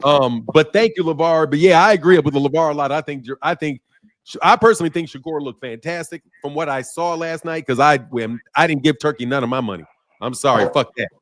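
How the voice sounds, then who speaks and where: Higher-voiced male boxing show host, dry close sound, casual and animated, swears freely. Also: a little fast, no room sound. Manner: animated, swears, reads viewer super chats. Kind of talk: casual panel chat.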